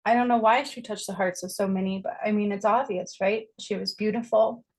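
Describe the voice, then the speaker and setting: A woman's voice: mid-range voice, steady tone, brisk, darkish tone, low-quality recording. A woman describing herself as a psychic medium, talking earnestly to camera and often checking in with "okay?". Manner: emphatic, repeats key phrases. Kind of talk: earnest spoken monologue to camera.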